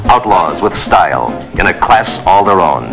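A man's voice: low-pitched, animated, normal speed, gravelly, music in the background, poor audio. A man narrating a classic movie trailer in a grand announcer style. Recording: old film trailer with loud score.

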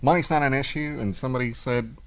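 A man's voice: mid-range voice, fast, fairly bright tone, low-quality recording. A man co-hosting a casual podcast, chatting about cigars and sports in an easygoing way, often laughing and trailing off with fillers. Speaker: podcast co-host.

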